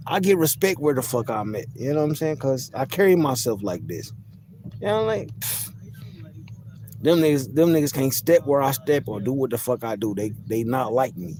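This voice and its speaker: A man's voice: medium pitch, animated, normal speed, long pauses, darkish tone, slight background noise. A man vlogging a casual, profane, boastful rant to his viewers from outdoors in public. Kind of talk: casual ranting monologue to camera.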